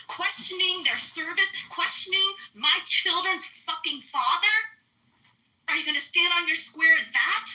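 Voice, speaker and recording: A woman's voice: sits high, bright, forceful tone, rough recording. A woman ranting angrily in a live audio chat room, swearing and firing off rhetorical questions. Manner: angry, profane, rapid rhetorical questions.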